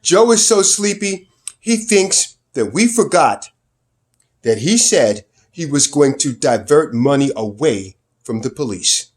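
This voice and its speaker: A man delivering political commentary in a vlog, emphatic and sarcastic, his pitch and loudness swinging widely. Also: animated, takes it slowly.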